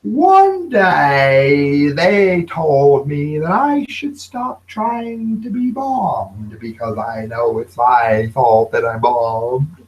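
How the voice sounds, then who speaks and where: A man doing an impression of a dazed, oddball male stand-up comic, with a slow, drawn-out comic delivery. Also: on the high side, very animated, exaggerated voice, low-quality recording. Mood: deadpan.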